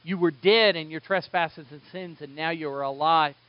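A male pastor with a high-pitched voice delivers a lively sermon, pushing hard on key lines and then dropping almost to a murmur. The sound is dull and lo-fi, with a dry, close feel and no room around it. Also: moderate pace, clear, resonant tone, dry recording. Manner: animated, swinging between loud emphasis and hushed asides.

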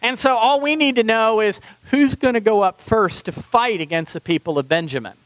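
A man's voice: high voice, fairly quick, no echo. A man preaching a sermon as a pastor, asking his listeners rhetorical questions. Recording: dull lo-fi dry recording.

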